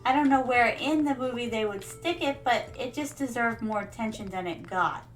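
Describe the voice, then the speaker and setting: A woman's voice: on the high side, normal speed, soft background music. A young woman streaming a game in casual, rambling chat, playing a playful royal persona who calls her viewers her darlings. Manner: rambling, many fillers.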